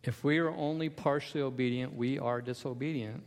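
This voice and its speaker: A man's voice: medium pitch, fairly even intonation, fairly quick, darkish tone, in a large hall. A man preaching a sermon as pastor, emphatic, with repeated refrains.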